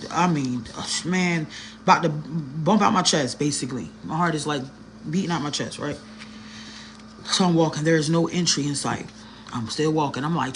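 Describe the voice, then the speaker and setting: A woman's voice: sits low, slight background noise. A woman telling a personal story in a casual, slangy vlog, talking straight to her viewers with an earnest, emotional edge. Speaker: vlogger.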